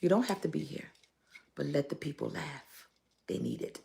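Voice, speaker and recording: A woman's voice: deep voice, moderate pace, vocal fry, dark tone, a little hiss or hum. A woman pastor, giving playful, exhorting church announcements on a phone live stream and dropping into whispers now and then.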